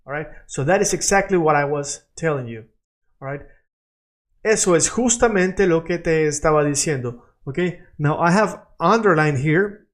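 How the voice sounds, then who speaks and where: A man from Latin America runs a loose, improvised Spanish lesson, his voice sitting a little higher than most men's. He coaches pronunciation by stretching out sounds and repeating them slowly for the learner to copy. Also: a bit bright. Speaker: Spanish teacher.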